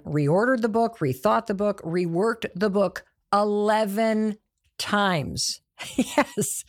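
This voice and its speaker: Emotional, emphatic woman announcing news. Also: medium pitch. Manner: excited, breathy sighs, emphatic repetition. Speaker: author announcing her book. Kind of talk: emotional direct-to-camera announcement.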